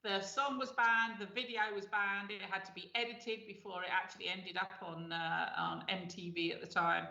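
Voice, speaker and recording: A woman's voice: mid-range voice, level tone, moderate pace, creaky, few pauses, pushed and bright. A middle-aged woman hosting a show, chatting casually and laughing often, with lots of fillers. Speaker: radio show host. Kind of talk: casual chat. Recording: echoey, dull lo-fi sound.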